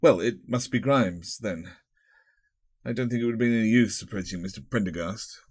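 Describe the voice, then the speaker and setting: A fussy, pompous elderly headmaster, played by a man reading aloud, winds through long formal sentences with small stumbles. The voice sits fairly low and is recorded close and dry, with no room around it. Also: normal speed, darkish tone, breathy edge, dry recording. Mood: kindly. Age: older. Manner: long-winded, pompous, with hesitations.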